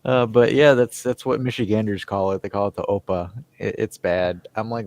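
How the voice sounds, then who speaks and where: Low-voiced man chatting on a podcast. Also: fairly even intonation, brisk, gravelly, hardly any pauses, darkish tone, no echo. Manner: chatty, reads out viewer comments. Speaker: podcast co-host. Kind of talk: casual podcast chat.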